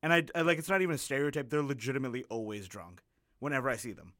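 Young comedian podcast host, relaxed storytelling, mid pitch, dry close mic. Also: male voice, racing, no room sound. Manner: laid-back, rambling anecdotes. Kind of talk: casual storytelling banter.

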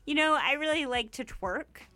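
A woman's voice: sits high, animated, normal speed, pushed and bright, voice pushed up. Woman doing a bragging male politician voice. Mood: boastful. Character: male politician, mock Canadian accent, bragging.

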